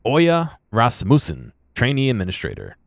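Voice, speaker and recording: A man's voice: mid-range voice, huge pitch swings, normal speed, creaky, no echo. A man playing through a video game, reading its text aloud with casual, muttered asides. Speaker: let's play host.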